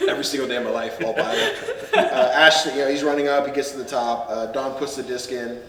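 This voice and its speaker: A man's voice: medium pitch, sing-song, quick pace, a bit bright, echoey room, in a large hall, recorded from a distance. A man hosting a casual podcast, recapping a film with friends, laughing often and acting out lines with some swearing. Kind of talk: casual group chat.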